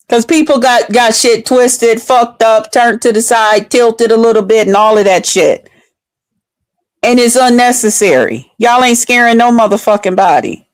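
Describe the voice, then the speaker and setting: Woman streamer, high-ish voice, close dry mic; mocking, profane, heated rant. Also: dry recording. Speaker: live streamer. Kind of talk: profane ranting live stream.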